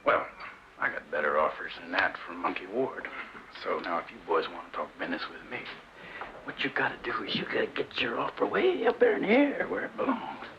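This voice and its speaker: A brash crude frontier saloon keeper. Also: male voice, low voice, big pitch swings, a little fast, vocal fry, heavily acted. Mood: scornful. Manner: drawling, crude, sarcastic. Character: brash cocky frontier businessman. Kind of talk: 1970s film western acting. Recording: muffled old film soundtrack with hiss.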